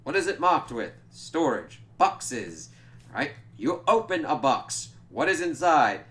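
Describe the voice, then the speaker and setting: A man's voice: fairly high pitch, sing-song, slow, a bit bright, pitched above the performer's own voice, exaggerated voice. A man playing a grand male vampire who acts as a commanding hypnotist, speaking with a theatrical, emphatic cadence.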